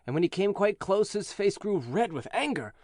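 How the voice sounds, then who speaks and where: A man narrating a fairy tale for English learners in a clear, measured, expressive way. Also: high-pitched, dry recording, studio quality. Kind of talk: storybook reading for English learners.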